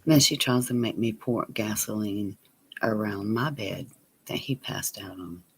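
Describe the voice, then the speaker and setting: A man telling a personal story on his vlog, plain and unhurried, sometimes dropping to a near whisper. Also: lowish voice, slightly rough. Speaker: vlogger.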